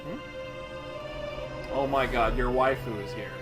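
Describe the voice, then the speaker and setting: A man's voice: medium pitch, a little slow. A man streaming a video game, cracking crude jokes and laughing often in casual commentary. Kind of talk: casual let's-play commentary. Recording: live stream with game music behind.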